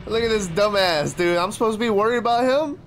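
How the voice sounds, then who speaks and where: A man commentating his own gameplay, excitable and profane, trash-talking the game, yelping and shouting at sudden scares, sometimes laughing as he talks. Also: high-pitched, slight background noise. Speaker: gaming channel host.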